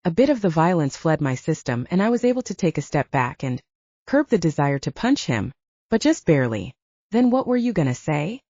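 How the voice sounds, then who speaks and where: A woman narrating a romance audiobook in first person, with a steady scripted reading. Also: deep voice, fairly quick, no echo. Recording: dry, dull lo-fi sound.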